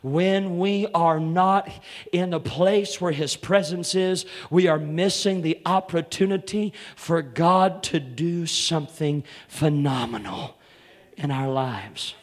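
On a Sunday morning, a pastor with a rather high voice preaches a sermon, calling congregation members out by name. His delivery climbs to loud, drawn-out shouting, and he keeps repeating "come on here" as a call to the congregation.

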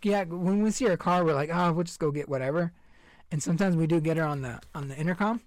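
Young man, podcast host, laid-back rambling chat, fairly high voice, dry close sound. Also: quick pace, dry recording. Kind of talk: casual chat.

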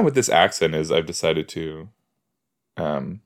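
A man's voice: extremely low pitch, expressive, a little slow. A man hosting a podcast, giving casual solo reactions while he watches a TV episode. He chats, laughs at his own jokes and tosses out rhetorical asides.

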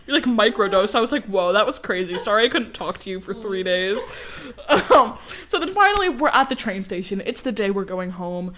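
A podcast co-host in her twenties tells a story during casual chat, speaking fairly fast at a medium pitch with crowd noise around her. Animated and quick to laugh, she acts out the people she's quoting.

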